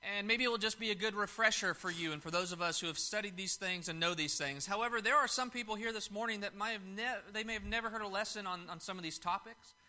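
A man preaching in church, with a high, very bright voice. He tells his story in a folksy, homespun way, with fillers and little restarts along the way. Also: fast, few pauses. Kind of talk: sermon. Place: church service.

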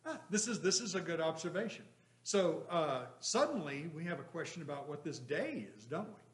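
Lively man teaching a Bible class in an echoey room. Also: a little high, normal speed. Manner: lively, questioning the class, emphatic with chuckles. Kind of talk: interactive Bible study lesson.

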